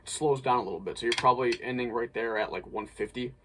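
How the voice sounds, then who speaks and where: Male drum instructor, relaxed teaching delivery, loud noise under the voice. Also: mid-range voice, quick pace. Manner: relaxed, thinks aloud with restarts. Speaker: drumline instructor. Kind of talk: casual instructional breakdown.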